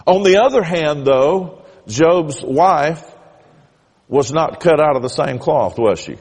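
A man preaching a sermon as pastor, telling a story in a measured way and rising emphatically on key points. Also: on the high side, animated, a little mellow, slightly rough. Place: church sanctuary. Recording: church hall reverb.

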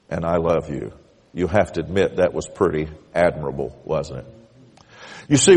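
A man preaching a sermon as pastor, telling a story in a measured way and rising emphatically on key points. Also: mid-range voice, darkish tone, breathy edge. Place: church sanctuary. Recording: church hall reverb.

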